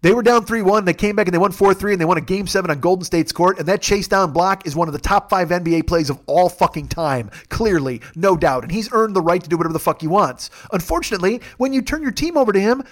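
A man hosting a podcast, telling profane, excitable comic stories in a sports rant. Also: sits high, fast, few pauses. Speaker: podcast host.

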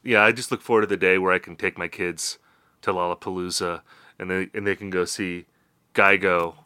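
A young Midwestern man co-hosting a podcast, talking in a loose, rambling way full of fillers. His voice is bright and crisp, and the sound is close and dry. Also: low voice, a little fast, no echo. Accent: Midwestern American. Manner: rambling, lively, with many fillers and restarts. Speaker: podcast co-host. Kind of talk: casual podcast chat.

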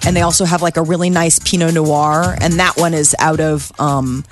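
A chatty morning radio co-host with a mid-pitched voice. The talk rambles along with lots of "like" and easy laughter, and a faint music bed sits underneath. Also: fairly even intonation, moderate pace. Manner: chatty, laughs often, many likes. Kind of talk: casual morning radio banter.

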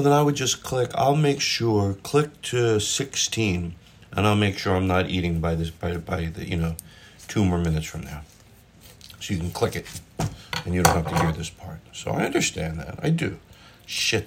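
A low-pitched man's voice comes through with a little hiss or hum. He's a middle-aged comedian hosting his own show, rambling casually, interrupting himself and swearing mildly while he cooks and eats at home, filmed on a propped-up phone.

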